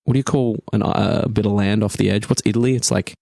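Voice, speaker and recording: A man's voice: lowish voice, steady tone, fast talker, creaky, warm tone, no echo. A man narrating a tabletop game as game master, describing scenes at length with frequent hesitations. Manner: descriptive, hesitant with many uhs.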